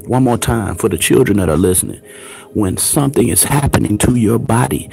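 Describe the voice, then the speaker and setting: Gravelly, confrontational male commentator. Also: low voice, brisk, darkish tone, soft background music. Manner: confrontational, preachy, taunting rhetorical questions. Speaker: online show host. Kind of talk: ranting commentary.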